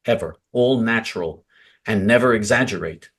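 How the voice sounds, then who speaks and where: A man with a lowish, husky voice hosts a talk show at normal speed. He speaks emphatically and a little preachily in casual talk-show chat.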